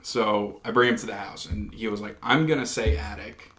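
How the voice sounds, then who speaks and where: A man's voice: fairly low pitch, steady tone, moderate pace, a bit bright. A man, a paranormal investigator guest, earnestly telling a story in a casual podcast chat, with frequent restarts. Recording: roomy echo.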